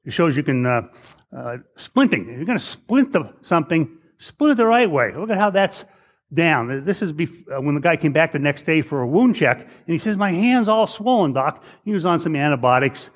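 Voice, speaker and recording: Middle-aged male physician, loose anecdotal lecturer, slightly high voice, many restarts. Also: very animated, a little fast. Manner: conversational, repeats words, acts out patients in raised voice. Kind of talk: case-based medical lecture with anecdotes.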